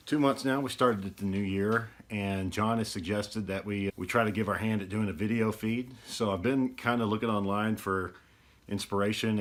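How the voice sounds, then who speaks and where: A man's voice: on the low side, a bit bright. A man, hosting his podcast in a rambling, easygoing casual talk. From East Texas. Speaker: podcast host.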